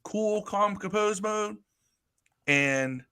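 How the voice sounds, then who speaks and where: A man co-hosting a podcast, talking sports in an animated, storytelling way with casual swearing. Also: sits high, very slow, smooth. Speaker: podcast co-host. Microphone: live stream podcast mic.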